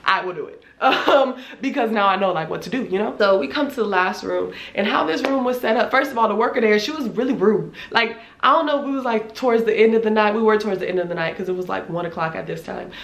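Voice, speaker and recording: A woman in her twenties telling a casual storytime, animated and slangy, with lots of filler words and cursing. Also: medium pitch, quick pace, hardly any pauses. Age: 20s. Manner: animated, slangy, swears freely, many "like" fillers. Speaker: vlogger. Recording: echoey room.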